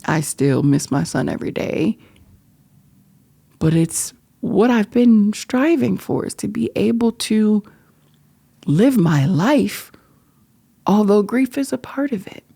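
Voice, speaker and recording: Creaky, husky woman speaking earnestly. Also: medium pitch, animated, takes it slowly, long pauses, dark tone. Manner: earnest, emotional, often dropping to a whisper. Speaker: podcast host. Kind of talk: personal reflective monologue.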